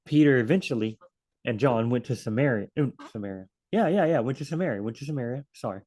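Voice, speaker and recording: A man's voice: mid-range voice, expressive, fast, darkish tone. A man teaching a casual Bible study, rambling, correcting himself and acting out quoted lines. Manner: rambling and self-correcting, acts out quotes in different voices.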